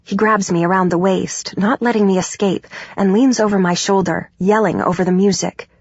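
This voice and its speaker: A woman narrating a first-person audiobook in a steady, even way. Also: mid-range voice, normal speed, husky, no echo. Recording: dull, dry studio recording.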